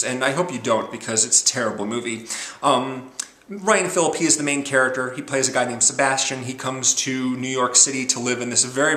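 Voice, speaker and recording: Man, casual film review, rambling with fillers, bright voice, roomy echo. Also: medium pitch. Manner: rambling, many ums and uhs. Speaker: movie reviewer.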